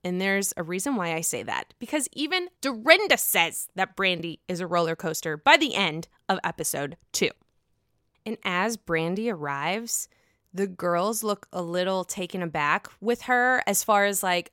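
A woman's voice: mid-range voice, very animated, normal speed, bright, forceful tone, no room sound, clean studio sound. A young woman giving a sassy, gossipy recap of a reality show in casual chat, swearing freely and acting out what the cast said.

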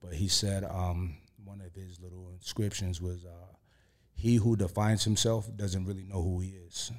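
A man's voice: deep voice, level tone, normal speed. A man as an interview guest, telling stories in a laid-back, profane way with lots of "you know" fillers. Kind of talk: casual storytelling.

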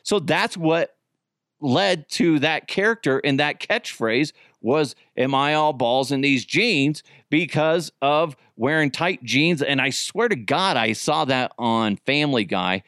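A man in his thirties tells old radio stories, rambling and swearing freely. He jumps in pitch when he gets excited and keeps restarting his sentences. His voice sounds close and dry. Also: takes it slowly, no echo. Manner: rambling, profane, animated, self-correcting. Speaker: podcast host, former radio producer. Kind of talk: casual storytelling.

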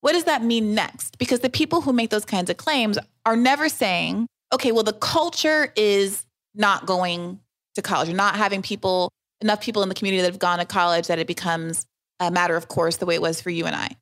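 A woman's voice: mid-range voice, brisk, a bit bright. A woman with a mid-range voice speaks as a podcast guest. She often hedges at the start of a thought, then presses her argument with growing conviction. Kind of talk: conversational interview.

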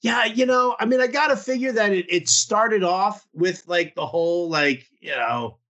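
High, bright-voiced man chatting. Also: moderate pace, highs cut off. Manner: rambling, with many fillers. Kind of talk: casual chat.

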